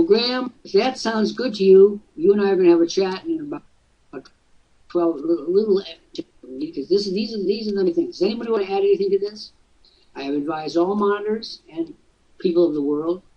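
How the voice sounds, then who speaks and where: Male host, husky and high-voiced, jokey coaching talk; dull distant webcast sound. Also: expressive, normal speed. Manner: jokey, teasing, breaks into mock voices.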